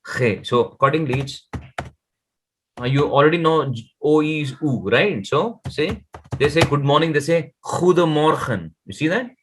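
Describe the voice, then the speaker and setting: A man's voice: fairly high pitch, animated, a little hiss or hum. Man teaching over a video call. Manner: patient, explains slowly, models Dutch words very slowly. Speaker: Dutch language teacher. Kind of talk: online one-to-one language lesson.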